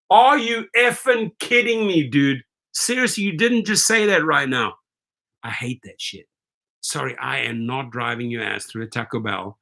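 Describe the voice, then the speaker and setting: A man hosting a video, reading viewer comments aloud and reacting in a blunt, animated, emphatic way with some profanity. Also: a little high, measured pace. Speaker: host.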